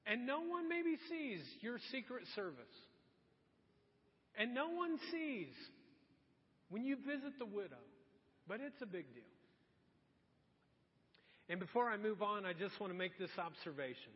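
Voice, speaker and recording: A man's voice: high voice, big pitch swings, measured pace, pauses often. A man preaching a sermon as pastor, telling stories in an earnest, conversational way. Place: church sanctuary. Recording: dull sound in a large reverberant hall.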